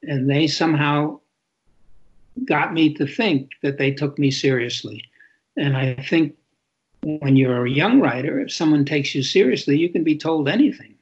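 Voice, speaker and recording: An older man speaks in a husky voice pitched slightly high, answering an interviewer candidly. He pauses and repeats himself as he thinks aloud. The recording is muffled and lo-fi. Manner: reflective, halting, repeats words. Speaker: author and interview guest.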